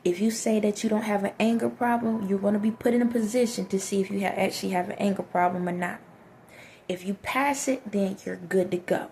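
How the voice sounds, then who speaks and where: A woman vlogger with a soft voice giving direct, preachy life advice to her viewers, often checking in with the listener. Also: medium pitch, vocal fry, a little hiss or hum. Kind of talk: direct-to-camera motivational talk.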